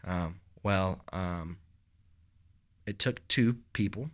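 A man's voice: sits low, extremely slow. A young man co-hosting a podcast, telling stories in a loose, rambling way and calling his friend bro. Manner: rambling storyteller, lots of "like" and "bro". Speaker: podcast co-host. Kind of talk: casual podcast chat.

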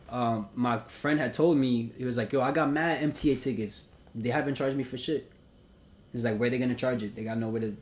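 Young New man, podcast host; animated, profane storyteller who acts out the quotes. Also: mid-range voice. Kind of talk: casual storytelling.

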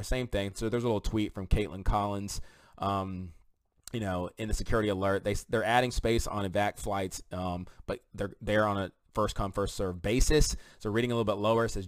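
A man's voice: fairly low pitch, dry recording. A man giving casual political commentary, reading news aloud with indignant, rambling asides.

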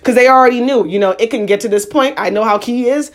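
A young woman telling a personal story in a casual, slangy monologue, animated and acting out what people said. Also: a little high, quick pace. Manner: animated, slangy, acts out quotes.

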